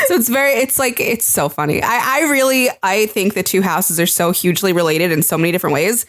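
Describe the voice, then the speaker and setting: A woman's voice: mid-range voice, fairly quick, fairly bright tone, no room sound, studio quality. A woman co-hosting a podcast, chatting casually, teasing her co-host and laughing often. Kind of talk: casual chat.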